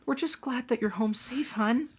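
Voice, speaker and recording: A woman doing a frantic, high-pitched farm mum. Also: very animated, measured pace, pushed and bright, a little hiss or hum, exaggerated voice. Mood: soothing. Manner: fussing and tearful, scolding then soothing. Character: worried, scolding farm mother, middle-aged.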